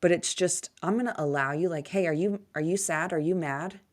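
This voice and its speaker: Low-voiced candid woman guest. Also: a little fast. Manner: candid, animated, self-deprecating humor. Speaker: podcast guest. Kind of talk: casual conversational interview.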